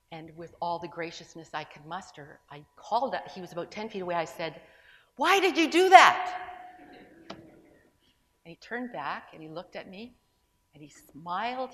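A woman with a lowish voice shares a personal story with a gathering, sermon-style and conversational, breaking off for asides and restarting. The large room with an audience leaves a long reverb tail, and there's a little hiss or hum.

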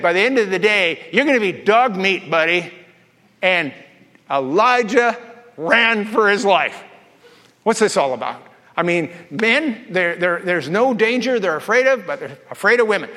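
A man preaching a sermon as pastor, telling stories with lively asides and humor. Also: high voice, in a large hall. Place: church.

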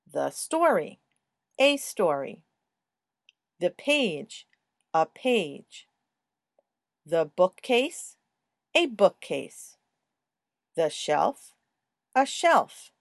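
A woman giving a slow, scripted language lesson in a clear, sing-song teaching voice. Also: fairly low pitch, big pitch swings, no room sound, studio quality.

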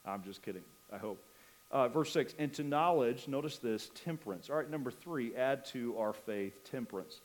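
A man's voice: mid-range voice, lively intonation, normal speed, poor audio. A man preaching as a pastor in a church, earnest, asking rising emphatic questions and slipping in light humor. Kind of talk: sermon. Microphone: microphone.

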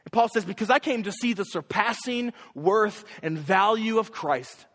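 Preaching to young adults, this young male pastor has a high, fairly bright voice and an expressive delivery at normal speed. Each key point comes with a sharp upward push in pitch, and the church hall gives his emphatic sermon a long, lingering reverb.

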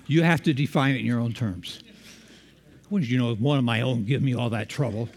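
Male preacher, mid-pitched, conversational sermon delivery, quizzes the room, long hall reverb. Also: brisk, darkish tone. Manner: engaging, quizzes the congregation.

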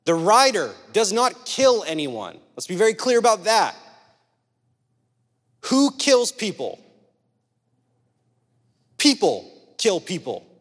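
A man's voice: sits high, very animated, slow, pauses often. A young adult man preaching a sermon, telling stories conversationally and driving his points home with repetition. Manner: conversational storytelling, emphatic repeated points. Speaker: pastor. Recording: long hall reverb.

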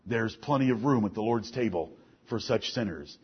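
A man preaching a sermon, firing off rhetorical questions and swinging between soft, low passages and loud, raised ones. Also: lively intonation, moderate pace, breathy edge, dull audio.

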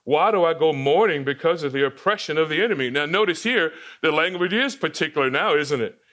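A man's voice: fairly high pitch, animated, brisk, a bit bright. A male pastor preaching an expository sermon, asking his congregation rhetorical questions.

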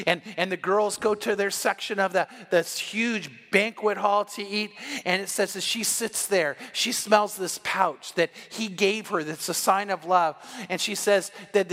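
A man's voice: sits high, a bit bright, long reverb tail. A man preaching an evening sermon, retelling a story and acting out the lines of each person in it. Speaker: pastor.

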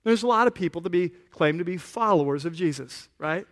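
A pastor giving a conversational sermon, often asking the congregation questions. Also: male voice, high-pitched, lively intonation, a little fast. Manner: casual, asks the congregation questions.

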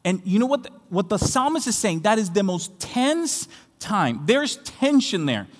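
High-voiced passionate preacher in a reverberant hall. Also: male voice, sing-song, measured pace. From Latin America. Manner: passionate preaching, rising to shouts on key phrases. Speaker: pastor. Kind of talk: sermon.

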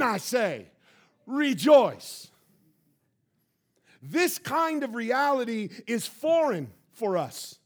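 A man preaching a sermon as pastor of his church, building to shouted emphasis. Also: very high voice. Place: church sanctuary.

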